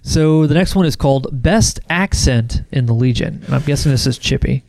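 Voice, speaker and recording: A man's voice: mid-range voice, normal speed, gravelly, darkish tone, no room sound. A man hosting a casual podcast, reading listener questions and agreeing easily with his co-hosts. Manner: easygoing, laughs along, short agreeing replies.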